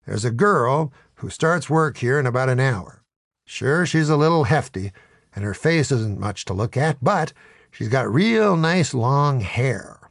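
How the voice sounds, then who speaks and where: A man voicing a shifty, wheedling male devil who talks in fast salesman patter, in a comic storybook reading. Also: medium pitch, animated, gravelly, dry recording, studio quality. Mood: scheming. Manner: fast-talking salesman patter, fawning when scolded.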